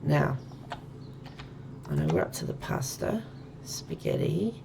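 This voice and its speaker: A woman's voice: low-pitched, wildly swooping pitch, takes it slowly, vocal fry, pauses often, warm tone, a little hiss or hum. A woman chatting casually and thinking aloud as she plays a game on stream. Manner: chatty, thinks aloud while counting items. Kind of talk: casual gameplay commentary.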